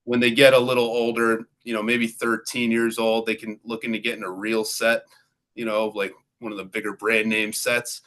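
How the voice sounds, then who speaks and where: A man's voice: on the low side, little pitch movement, moderate pace, fairly bright tone. Easygoing middle-aged male golf coach. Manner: easygoing, explanatory, leans on "you know" and "right". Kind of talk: casual interview talk.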